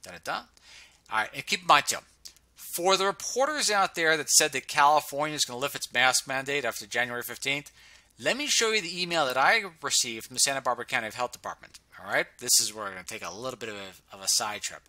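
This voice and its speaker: A man's voice: mid-range voice, animated, quick pace, bright, forceful tone, no echo. A man casually talking through charts on screen, sarcastic and humming filler sounds while he scrolls. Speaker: presenter reviewing health data on screen. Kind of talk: casual screen-share commentary.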